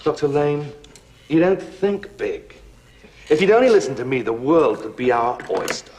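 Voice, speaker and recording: A man's voice: fairly high pitch, normal speed, darkish tone, lightly acted. An actor playing a scheming man who coaxes a scientist in film dialogue, wheedling and grandiose. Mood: coaxing.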